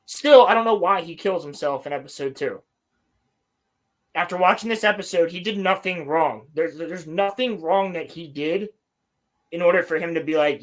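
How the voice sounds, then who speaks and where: Young male podcast co-host, high-pitched, profane and mocking in casual recap chat. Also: normal speed, a bit bright.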